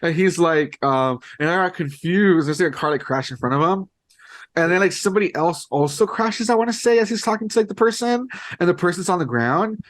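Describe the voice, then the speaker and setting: Male podcast co-host, slightly high voice, rambling filler-packed chat. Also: lively intonation, a little fast, slight background noise. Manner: rambling, filler-heavy retelling. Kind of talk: casual chat.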